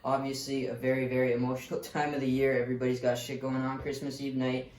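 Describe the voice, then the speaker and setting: Blunt, swearing sales coach in a roomy space. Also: male voice, medium pitch, flat delivery, quick pace, a little mellow. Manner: casual, blunt, swears freely. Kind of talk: motivational sales lesson. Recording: roomy, distant mic, faint noise.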